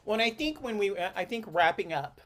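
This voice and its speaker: A man's voice: high voice, big pitch swings, a little fast, a bit bright. A man hosting a podcast interview, talking casually with many fillers and restarts. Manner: rambling, frequent restarts and fillers. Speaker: podcast host and counselor.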